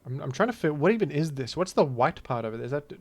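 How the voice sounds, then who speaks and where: A man's voice: fairly high pitch, sing-song, fast talker, faint music behind. A man giving casual, rambling gameplay commentary, full of jokes and mock-outraged asides. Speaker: gaming video host.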